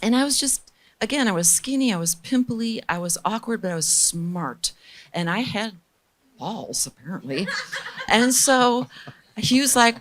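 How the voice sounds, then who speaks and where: A middle-aged woman being interviewed as a guest, telling lively, candid stories and acting out the people she quotes. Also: on the high side, a little slow. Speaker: guest recording engineer. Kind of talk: storytelling in a casual interview.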